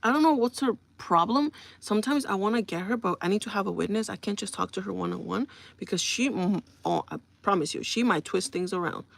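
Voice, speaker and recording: A woman chatting live to her viewers, her voice carrying a steady gravelly fry. She vents in an exasperated, casual way and keeps turning to the audience to ask if they follow her. She sits in the middle of the usual pitch for a woman. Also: fairly quick. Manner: exasperated, venting with repeated asides to the audience. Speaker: live streamer. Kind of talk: casual storytelling rant to viewers.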